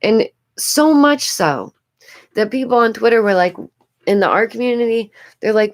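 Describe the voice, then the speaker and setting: A woman's voice: medium pitch, expressive, normal speed. A woman hosting a casual commentary vlog, exasperated and rambling, breaking into frequent laughs. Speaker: YouTube commentary host.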